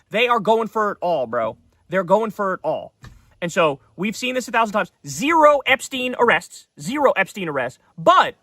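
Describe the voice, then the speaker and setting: Man, host, heated profane rant, high voice, dry close sound. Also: pushed and bright, no room sound. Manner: heated, profane, repetitive emphasis. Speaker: political commentary show host. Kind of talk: ranting political commentary.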